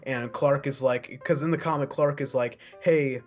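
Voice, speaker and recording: A man's voice: mid-range voice, fairly even intonation, moderate pace, soft background music. A man co-hosting a casual movie review, rambling with lots of fillers and restarts. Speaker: co-host.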